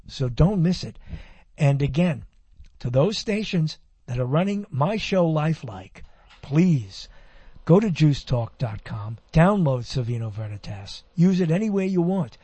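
A man's voice: on the high side, animated, unhurried, mellow, husky, dry recording. A man hosting a radio talk show, chatting and reading items aloud in a rambling way, correcting himself as he goes. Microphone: handheld microphone.

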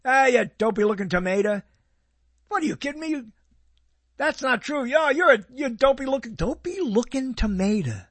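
A man's voice: very high voice, expressive, normal speed, a bit bright, no room sound, pitched above the performer's own voice, heavily acted. A man doing a brash urban neighbor. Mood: mocking. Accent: urban American street. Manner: brash, insulting, streetwise. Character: gruff loudmouth male neighbor, mocking.

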